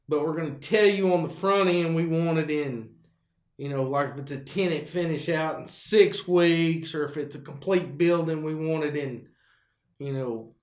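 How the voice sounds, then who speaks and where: A man spins a loose, folksy yarn as host of his own show. His voice sits quite high and wanders through fillers and false starts. The sound bounces around an echoey room. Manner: rambling, folksy, with many fillers and restarts. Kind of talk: casual storytelling monologue.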